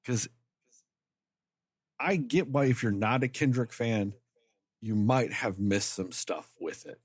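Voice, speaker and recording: A man's voice: medium pitch, takes it slowly, slightly rough, no room sound, clean studio sound. A man co-hosting a podcast, ranting in a heated, emphatic way and swearing freely. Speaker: podcast co-host. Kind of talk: casual podcast chat.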